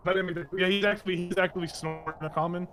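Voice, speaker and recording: Rambling game master, higher voice. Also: male voice, steady tone, very fast, fairly bright tone, soft background music. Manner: rambling, laughing, many fillers. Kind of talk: casual tabletop game narration.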